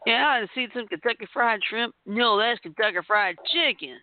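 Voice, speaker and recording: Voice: mid-range voice, moderate pace, dry recording. A host running a party word game on a podcast, chatty and giggly, calling on each player by name. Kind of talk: casual podcast game hosting. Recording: tinny phone-line audio.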